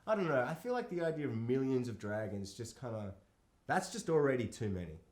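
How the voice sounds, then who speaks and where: Animated man in an echoey room. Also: mid-range voice, fairly quick. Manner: animated and incredulous, swears and acts out quotes. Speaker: podcast co-host. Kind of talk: casual film discussion.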